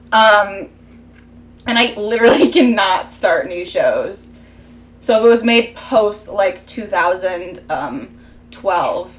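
A young woman from Chicago co-hosting a casual comedic chat, giggly and self-deprecating. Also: medium pitch. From Chicago, USA. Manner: giggly, self-deprecating, jumps between goofy voices. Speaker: podcast co-host.

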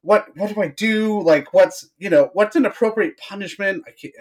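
A man in his thirties in casual chat, expressive and laughing as he shares anecdotes. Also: high-pitched, moderate pace.

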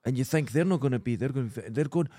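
A man co-hosting a podcast, telling sweary anecdotes in a casual, animated way. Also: mid-range voice, fast, slightly rough, no echo, studio quality. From Scotland. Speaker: podcast co-host. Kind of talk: casual chat, storytelling.

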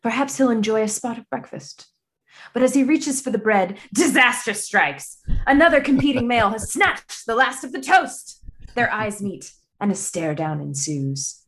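A woman putting on a British accent to play a nature-documentary narrator, telling a scene with measured, dramatic delivery. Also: a little high, lively intonation, fairly bright tone. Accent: British (put on).

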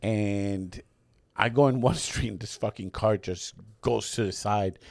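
A man's voice: on the low side, unhurried, creaky, no room sound, clean studio sound. A man co-hosting a podcast, teasing and trading jokes in casual chat. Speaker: podcast co-host.

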